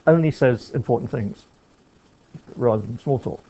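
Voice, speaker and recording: A man muses aloud about films and writing, wandering through asides and restarting his sentences as he thinks. His voice is mellow and unhurried in tone. The recording is somewhat dull and lo-fi. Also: mid-range voice. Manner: rambling, thoughtful, frequent restarts and asides. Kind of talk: reflective talk on film and writing.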